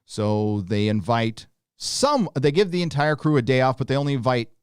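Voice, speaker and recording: A man's voice: mid-range voice, big pitch swings, moderate pace, clean tone, no echo, clean studio sound. A man hosting a live review show, talking casually in a sarcastic, mocking way with plenty of laughs and fillers.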